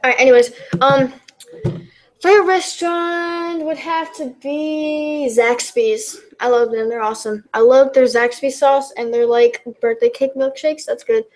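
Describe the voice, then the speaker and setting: A woman's voice: high voice, steady tone, measured pace, darkish tone. A woman reading out questions and answering them in a casual, rambling way, full of fillers and restarts. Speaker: YouTube backyard wrestling commentator.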